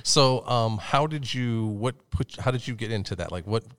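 A man hosting a casual interview, asking curious questions in a relaxed way and swearing casually. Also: mid-range voice, normal speed, dry recording, clean studio sound. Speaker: interview host.

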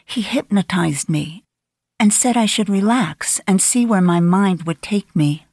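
A woman's voice: medium pitch, measured pace, darkish tone, dry recording, studio quality. A woman voicing a frightened young woman who speaks with urgency in an audiobook reading. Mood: anxious. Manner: urgent, breathless pleading.

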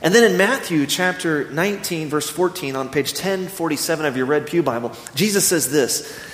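Pastor preaching in an echoey hall. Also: male voice, on the high side, expressive, fairly bright tone. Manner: earnest storytelling, slows down for scripture. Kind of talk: sermon. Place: church sanctuary.

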